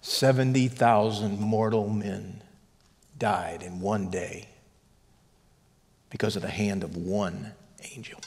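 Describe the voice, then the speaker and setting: A man teaching a church Bible class, emphatic, dropping to a hush on key lines. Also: lowish voice, fairly even intonation, slow pace, pauses often, long reverb tail. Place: church hall.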